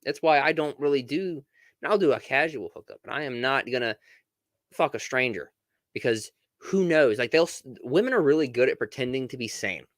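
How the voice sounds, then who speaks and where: A man's voice: mid-range voice, lively intonation, brisk, no echo. A man giving reaction commentary in a blunt, casual way, stumbling over restarts. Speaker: commentary host.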